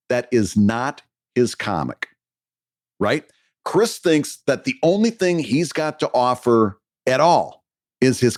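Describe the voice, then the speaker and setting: A man co-hosting a podcast, giving emphatic, coaching-style advice in casual chat. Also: mid-range voice. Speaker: podcast co-host.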